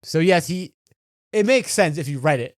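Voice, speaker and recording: A man's voice: on the high side, animated, moderate pace, no room sound, studio quality. A man cohosting a casual comedy podcast, giggling and teasing as he reads out listener posts. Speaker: podcast co-host.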